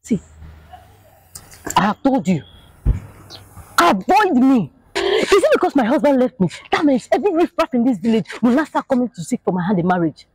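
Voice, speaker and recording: A woman's voice: on the high side, very animated, normal speed, pauses often, breathy edge, no room sound, poor audio. An actress with a Nigerian accent playing a proud young village woman who scolds and mocks an unwanted suitor in a film drama. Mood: furious. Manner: loud, scornful, scolding. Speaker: daughter who has left her marriage. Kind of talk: Nollywood film acting.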